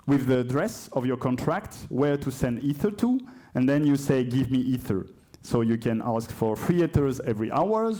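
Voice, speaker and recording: The speaker is a French-accented man with a dark, medium-pitched voice, presenting a live coding talk in a conference hall. His delivery is hesitant and full of self-corrections and chatty asides.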